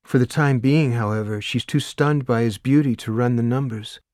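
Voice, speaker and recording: A man reading a novel aloud in a measured, expressive storytelling voice, close to the mic. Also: medium pitch, dry recording. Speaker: audiobook narrator. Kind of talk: scripted narration.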